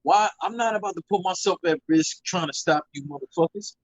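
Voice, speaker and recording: A man's voice: high voice, a little fast, dry recording, rough recording. A man in casual chat, speaking bluntly and emphatically, swearing freely.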